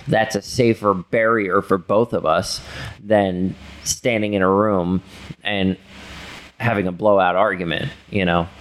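A man with a somewhat low voice talks things through with his partner in a loose, rambling way. He circles back, restarts his sentences, leans on fillers, and swears without much thought. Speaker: partner in a couple's talk. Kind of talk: casual conversation with partner.

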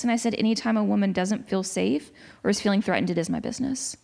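A woman in her forties in a casual discussion, telling a story in an animated way with many restarts. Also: mid-range voice, fast, vocal fry.

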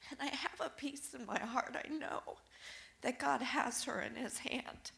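Brief: woman testifying in church through tears, slightly high voice with gravelly fry. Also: bright, forceful tone. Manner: halting, apologetic, tearful. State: crying. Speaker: church member giving testimony. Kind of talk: emotional personal testimony. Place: church sanctuary.

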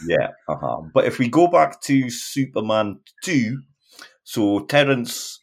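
A man's voice: medium pitch, big pitch swings, takes it slowly, vocal fry. A man speaking as a podcast guest, rambling in casual chat with many restarts.

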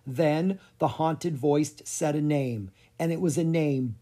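A husky-voiced narrator reads a children's chapter book aloud. The pacing is slow and deliberate, with a hushed storytelling feel. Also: mid-range voice.

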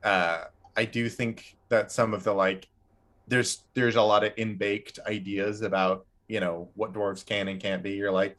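A man co-hosting a podcast and chatting casually as a game master, halting with frequent restarts and filler words. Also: fairly low pitch, flat delivery, a bit bright. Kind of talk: casual chat.

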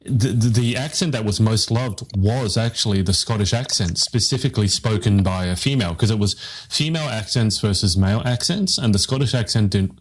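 Male host, lowish voice, rambling casual storyteller, live interview on a video call. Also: breathy edge. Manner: rambling, self-deprecating storyteller with restarts.

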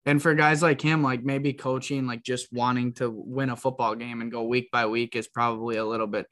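A man's voice: mid-range voice, flat delivery, fairly quick, a bit bright. A man hosting a sports podcast in casual chat, talking loosely with many fillers. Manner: loose, filler-heavy, says "like" a lot. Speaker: podcast host.

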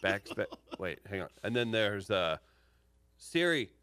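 A man's voice: lowish voice, moderate pace, fairly bright tone, clear, resonant tone, no echo. A man hosting a radio talk show, playful and joking, reading out listener messages. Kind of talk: casual banter.

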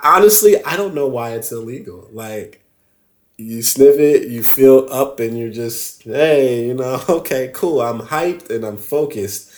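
A man telling a story as a podcast guest, animated and loose, acting out the other people's voices and laughing often. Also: mid-range voice. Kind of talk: casual storytelling.

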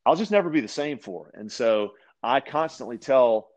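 A man from Louisiana, chatting casually as a guest and telling animated stories, often restarting his sentences and acting out quoted voices. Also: medium pitch, moderate pace, muffled recording. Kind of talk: casual storytelling chat.

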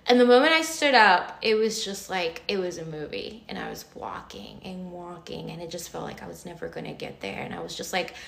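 A woman with a bright, forward voice tells a story in a casual chat. She talks with animation and laughs often. Her voice bounces off the hard walls of a home kitchen. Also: lowish voice, expressive, brisk, gravelly, few pauses, roomy sound. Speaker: podcast co-host. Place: kitchen table at home, late at night.

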